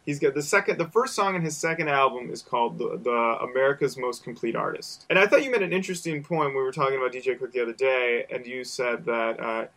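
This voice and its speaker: A man's voice: mid-range voice, fast, hardly any pauses, a bit bright. A young man co-hosting a podcast, talking casually and with enthusiasm, often acting out quotes. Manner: enthusiastic, acts out quotes in voices. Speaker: podcast co-host. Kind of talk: casual chat.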